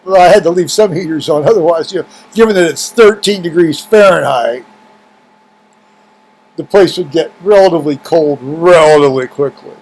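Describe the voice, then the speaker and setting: At home, a middle-aged man vlogs casually to the camera, rambling with plenty of fillers and restarts while heaters run in the room. His voice is fairly high and darkish, delivered at a normal speed, and the recording quality is low.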